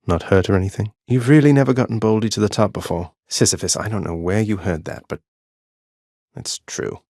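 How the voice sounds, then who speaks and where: A man's voice: on the low side, a little fast, a little mellow, no echo. An actor playing a young male underworld prince in a video game, trading dry, cocky quips. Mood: earnest, quiet. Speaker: game character.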